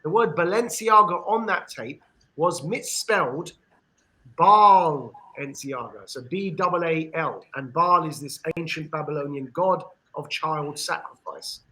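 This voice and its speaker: A man with an English accent giving an earnest discussion monologue on a podcast, with frequent pauses and restarts. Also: a little high, bright, forceful tone, low-quality recording. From England. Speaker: podcast panelist.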